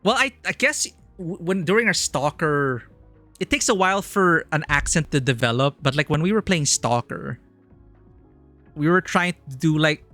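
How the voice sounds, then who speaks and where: A man's voice: on the high side, moderate pace, fairly bright tone, soft background music. A man streaming a video game, chatting casually and enthusiastically, rambling with lots of "like". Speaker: streamer, filmmaker. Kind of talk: casual live game commentary.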